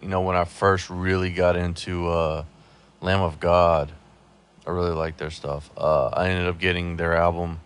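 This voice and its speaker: A man's voice: deep voice, level tone, clear, resonant tone. A young man in casual chat, speaking hesitantly with many "uh"s. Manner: slow, hesitant, full of "uh"s.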